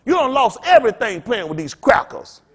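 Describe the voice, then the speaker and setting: A male pastor with a notably high-pitched voice preaches in an informal, rambling way. He is blunt and freely profane, trading call-and-response with the congregation as he goes. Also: very animated, fairly quick, slightly rough.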